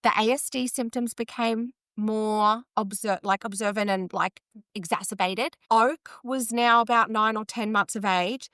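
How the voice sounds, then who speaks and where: A woman's voice: mid-range voice, fairly even intonation, a little slow, a bit bright, clear, resonant tone, no room sound. Australian woman, 30s, podcast guest, candid and earnest, self-correcting, dry close sound. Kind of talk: candid conversational interview.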